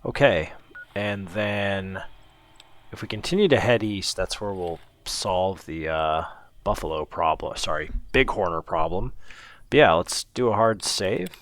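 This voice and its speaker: A man giving relaxed, casual let's-play commentary, musing to himself as he explores. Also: sits low, a little slow. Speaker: gameplay commentator.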